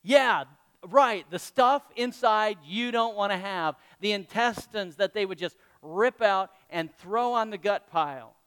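High-voiced pastor preaching in a hall. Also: male voice, a little slow, a bit bright, clear, resonant tone. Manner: conversational preaching with questions to the congregation. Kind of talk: sermon. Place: church hall with congregation.

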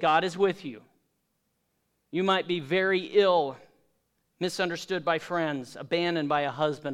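A man preaching a sermon as pastor, emphatic, swinging between loud stressed points and soft, low asides. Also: clear, resonant tone.

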